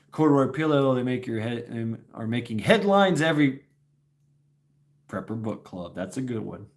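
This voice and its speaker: A man's voice: medium pitch, expressive, normal speed. A man talking in a casual, rambling livestream chat, restarting sentences often and chuckling as he goes. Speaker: host.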